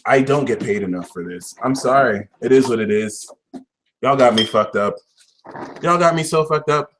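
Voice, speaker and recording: A man gives a casual tarot reading in a slangy, exasperated, theatrical way, swinging into shouting and high-pitched outbursts and leaning on fillers like "like" and "y'all." He speaks at normal speed with background noise.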